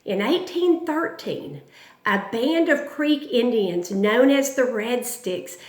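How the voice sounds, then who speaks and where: Woman teacher, higher voice, dramatic storyteller, echoey room. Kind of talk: history lesson storytelling.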